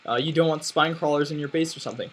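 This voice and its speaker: A man's voice: a little high, fairly even intonation, very fast, fairly bright tone, slight background noise, rough recording. A young man casually commentating his own game replay, thinking aloud and restarting sentences often. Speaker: gameplay commentator.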